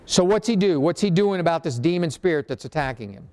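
Male pastor preaching, high voice, asks the crowd questions, bit sarcastic. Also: animated, quick pace, darkish tone. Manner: questions the congregation, sarcastic asides. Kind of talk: sermon. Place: church.

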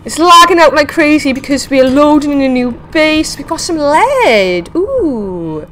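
A woman hosting a casual game video, chatting excitedly to viewers and talking to the creatures she meets. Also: high voice, measured pace, a little hiss or hum. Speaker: gaming video host. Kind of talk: casual let's-play commentary.

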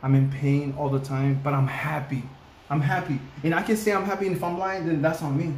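Man, slightly high voice, near tears, raw and repetitive; roomy echo. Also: fairly even intonation, brisk. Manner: raw, heartfelt, repeats himself for emphasis. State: on the verge of tears. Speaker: reaction video co-host. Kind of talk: emotional casual reaction talk. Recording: roomy echo, faint background noise.

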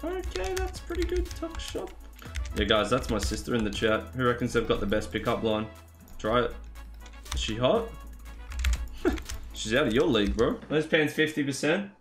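A man's voice: medium pitch, normal speed, pauses often, fairly bright tone, faint music behind. A man streaming a video game, chatting casually with his live chat, reading messages aloud and laughing often.

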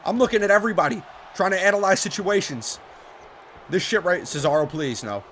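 A young man giving loud, excitable let's-play commentary, swearing and shouting at the game. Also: sits high, a little fast, slight background noise. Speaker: gaming commentator.

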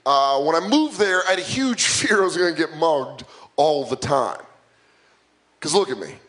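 A man's voice: fairly high pitch, lively intonation, moderate pace, fairly bright tone. A young man in his twenties performing a stand-up comedy set, self-mocking and punchy.

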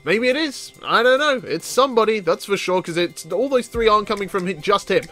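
A man commentating on a let's play in a chatty, excitable way, laughing often. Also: high-pitched, fairly quick, soft background music. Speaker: gaming video host.

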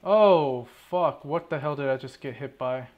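Heard through narrow, tinny audio, a gaming channel host talks at medium pitch and a measured pace. He runs casual let's play commentary on his own game, speaking to himself while stressed, annoyed, and swearing regularly.

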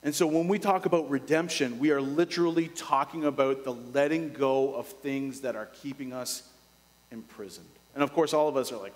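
Male pastor with a slightly high voice, preaching with hushed-to-urgent swings in a reverberant church. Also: moderate pace. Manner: dynamic preaching, dropping to a hush then rising to urgent lines. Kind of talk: sermon.

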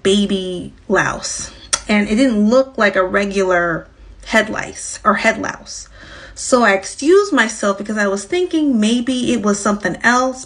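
Woman haltingly telling a work story. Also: mid-range voice, a bit bright. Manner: halting, full of "like" and restarts. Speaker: lice technician. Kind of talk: casual storytelling.

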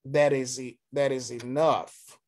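This pastor speaks at a mid-range pitch with a flat delivery, teaching Sunday school by reading the Bible aloud and explaining it in a deliberate, halting way marked by pauses and restarts.

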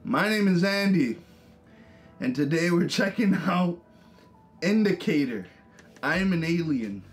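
A man's voice: fairly high pitch, animated, slow pace, faint music behind. Laughing young guy co-hosting reactions. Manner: laughing, teasing banter. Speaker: co-host of a reaction channel. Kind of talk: casual reaction chat.

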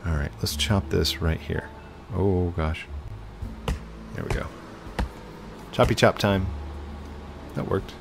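A man's voice: low-pitched, steady tone, slow pace, creaky, long pauses, background noise. A man hosting casual let's-play commentary at his home computer, chatting to viewers and narrating his own moves. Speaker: gaming channel host.

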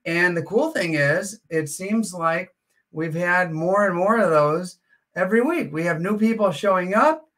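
Bright-voiced chatty man. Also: high-pitched, unhurried. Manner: chatty, relaxed, frequent "uh" fillers. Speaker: livestream auction host. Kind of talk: casual livestream chat.

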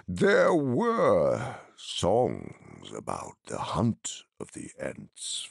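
A man reading an audiobook, voicing an ancient, slow-spoken male tree giant in a deep, creaky rumble. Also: dry recording, clean studio sound, full character voice. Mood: sorrowful. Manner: slow, ponderous, sorrowful.

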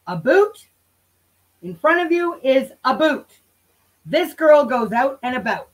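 A woman hosts a loose, rambling commentary stream and talks straight to her viewers. Her voice sits a little high, with a sarcastic and frequently profane edge. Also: sing-song, takes it slowly, rough recording. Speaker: channel host. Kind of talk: casual commentary livestream.

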